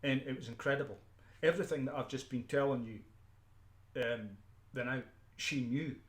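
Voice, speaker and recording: Speaking at a normal speed and ordinary middle pitch, a Scottish street preacher launches into an emphatic, off-the-cuff ranting monologue. He keeps repeating words, starting sentences over and clearing his throat, while a bare room sends his voice echoing back.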